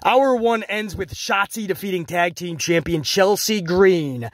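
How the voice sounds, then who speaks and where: A man reviewing a wrestling show in casual solo commentary, animated and jokey, slipping into quick mocking impressions. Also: sits high, no echo.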